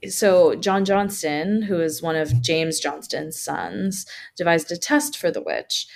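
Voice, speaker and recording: A woman co-hosting a podcast, reading out a local legend and breaking in with casual asides and fillers. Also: sits low. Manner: reads notes, then adds casual asides with fillers. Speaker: podcast co-host.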